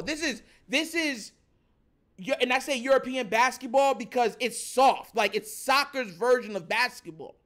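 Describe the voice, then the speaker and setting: A man's voice: very high voice, pushed and bright. A man in casual sports talk, speaking emphatically in slang, laughing often and often asking "you know what I'm saying.".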